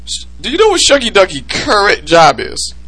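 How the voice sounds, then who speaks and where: A man hosting a casual podcast chat, excitable and prone to loud laughing outbursts. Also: high-pitched, moderate pace. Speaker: podcast host.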